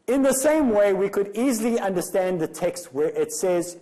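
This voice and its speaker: A man's voice: high voice, animated, normal speed, dark tone, rough recording. A man from Africa, giving an emphatic religious lecture full of rhetorical questions. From South Africa.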